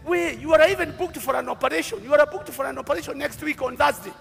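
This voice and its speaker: A man with a Kenyan accent preaching a sermon as a bishop, moving from calm storytelling to shouted declarations at a live church event. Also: very high voice, fast talker, creaky. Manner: dramatic preaching that swings from quiet storytelling to shouting. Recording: live hall recording with long reverb and faint music.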